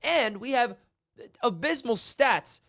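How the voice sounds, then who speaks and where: High-pitched guy ranting hard about football on a podcast, dry close mic. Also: animated, slow pace, bright, forceful tone, no echo. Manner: fired-up ranting, swearing. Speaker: podcast co-host. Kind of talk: heated sports call-in podcast.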